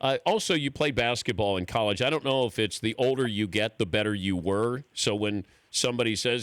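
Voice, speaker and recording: A man's voice: on the low side, fairly quick, hardly any pauses, smooth, dry recording. A man hosting a radio talk show, joking and telling self-deprecating stories. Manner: jokey, animated, self-deprecating storyteller. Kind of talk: casual radio interview.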